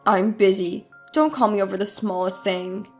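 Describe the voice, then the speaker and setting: A woman's voice: medium pitch, normal speed, soft background music, voice pushed down, lightly acted. A woman voicing a cold, dismissive husband who talks in blunt, irritated snaps.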